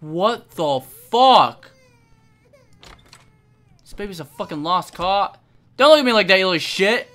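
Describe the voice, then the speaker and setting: A young woman streaming a game, giving casual commentary with lots of swearing and sudden shouts. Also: medium pitch, unhurried, long pauses. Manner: profane, excitable, frequent shouting.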